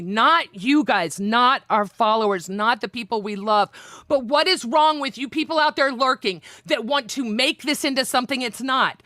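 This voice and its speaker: A woman's voice: a little high, expressive, moderate pace, sharp tone, no room sound, clean studio sound. A woman co-hosting a reaction livestream, ranting in an indignant, profane way. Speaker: livestream co-host. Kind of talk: heated reaction livestream rant.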